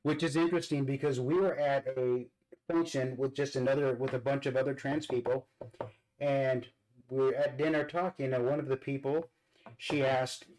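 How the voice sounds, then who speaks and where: A man's voice: mid-range voice, steady tone, normal speed, a little mellow, rough recording. A man hosting a casual vlog. He talks earnestly while he does his makeup, and he often repeats words as he searches for them. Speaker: vlog host.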